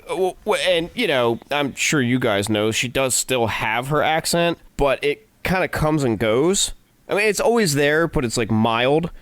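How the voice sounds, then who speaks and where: A man's voice: mid-range voice, expressive, measured pace, fairly bright tone, dry recording. A man co-hosting a casual film podcast, chatty and laughing often, trailing off mid-thought. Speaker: podcast co-host.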